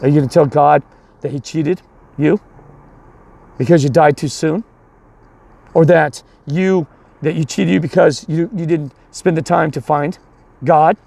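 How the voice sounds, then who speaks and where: A man's voice: on the high side, steady tone, measured pace, creaky, pauses often, a little mellow. A man coaching youth baseball tells a long story in a rambling way, restarting often and acting out the other people, then turns it into a sermon. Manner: repeats and restarts a lot, voices the other people in his story.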